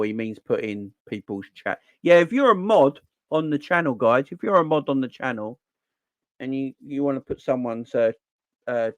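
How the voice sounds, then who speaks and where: Brief: male stream host, animated slangy football talk, dry close sound. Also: medium pitch, no room sound. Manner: animated, slangy, answers chat. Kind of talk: casual live-stream chat.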